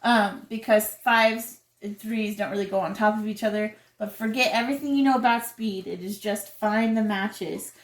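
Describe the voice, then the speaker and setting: A woman explains a card game step by step in a relaxed, chatty way. Her voice sits at an ordinary pitch. The room around her is echoey. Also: normal speed, few pauses. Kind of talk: casual game demonstration.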